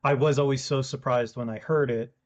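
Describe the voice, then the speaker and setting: A man co-hosting a podcast with a deep, slightly smoky voice, talking in a relaxed, conversational way. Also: a little fast. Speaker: podcast co-host. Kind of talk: casual chat.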